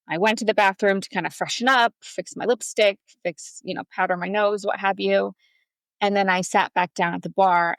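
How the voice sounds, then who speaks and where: A woman's voice: mid-range voice, smooth, no room sound. A woman in her thirties, a podcast guest, telling a personal story in a chatty way with many fillers. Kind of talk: storytelling in a casual interview.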